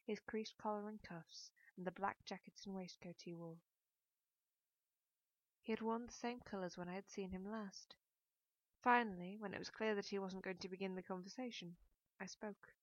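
A woman reading a novel aloud in the first person, in a measured, melancholy storytelling manner. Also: mid-range voice, dry recording. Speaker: audiobook narrator. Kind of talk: first-person audiobook narration. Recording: dull, dry audiobook recording.

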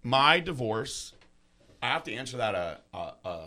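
A man hosting a podcast, talking in a candid, halting, openly emotional way and swearing casually. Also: medium pitch, big pitch swings, noisy background. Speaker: podcast host.

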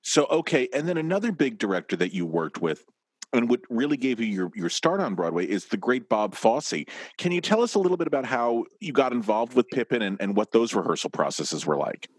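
A man's voice: mid-range voice, big pitch swings, brisk, slightly rough, dry recording. A man hosting a podcast who asks long, detailed questions. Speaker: podcast host. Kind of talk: podcast interview.

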